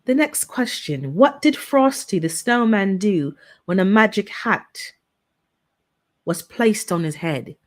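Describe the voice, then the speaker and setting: A woman's voice: medium pitch, animated, slow pace. A woman hosting a casual live-stream holiday trivia game, chatty and playful, teasing her viewers. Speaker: livestream host running holiday trivia.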